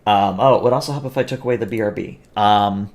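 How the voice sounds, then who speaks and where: A man runs a tabletop game, narrating scenes and explaining rolls. He talks in a low voice and hesitates often, filling gaps with filler sounds. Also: fast, darkish tone. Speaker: game master.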